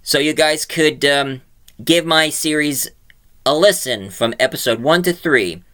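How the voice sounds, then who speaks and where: Bright-voiced man rambling casually. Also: a little high, a little slow. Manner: rambling, with frequent fillers and restarts. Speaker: audio drama creator. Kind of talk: casual vlog talk.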